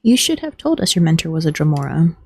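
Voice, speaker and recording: A woman streaming a game, chatting in a relaxed, wry way and reading dialogue aloud. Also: low voice, quick pace, husky, dry recording, low-quality recording. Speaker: gaming streamer. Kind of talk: casual gameplay chat, reading dialogue aloud.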